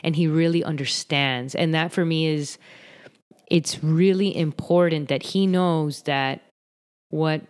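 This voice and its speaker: A woman hosting a podcast who speaks in a reflective, earnest, measured way. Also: deep voice, steady tone, a little mellow, clear, resonant tone. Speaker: podcast host and mother. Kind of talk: casual podcast conversation.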